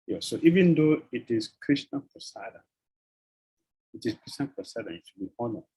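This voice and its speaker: Swami guy, husky voice, lecturing, says things twice. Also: mid-range voice, lively intonation, a little fast, dark tone, poor audio. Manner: repeats phrases, chuckles, uses devotional terms. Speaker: swami giving a scripture lecture. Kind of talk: sermon.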